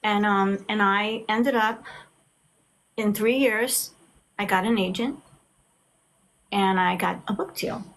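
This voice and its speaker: A middle-aged woman, talking as an author guest in a casual video chat. She tells her stories with lively acted-out quotes. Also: mid-range voice, slow pace, pauses often, slight background noise. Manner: animated storyteller, acts out quotes.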